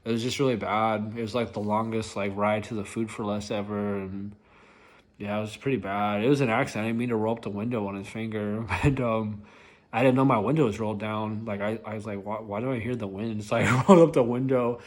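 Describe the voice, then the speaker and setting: Rambling young man, fairly low voice. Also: steady tone, brisk. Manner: rambling, filler-heavy, lots of "like". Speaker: rideshare driver telling stories. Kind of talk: casual storytelling vlog.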